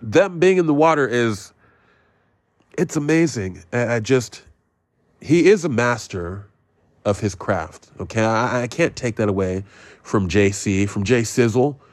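A man's voice: mid-range voice, lively intonation, measured pace, no echo. A man hosting a podcast, giving a blunt, profane movie review rant. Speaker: podcast host.

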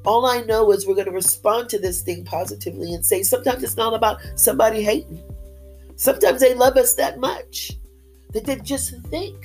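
A woman's voice: fairly high pitch, normal speed, a little mellow, faint music behind, rough recording. A woman giving an upbeat, faith-based motivational talk straight to her listeners. She talks with a lot of pep and repeats her phrases for emphasis. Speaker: motivational speaker.

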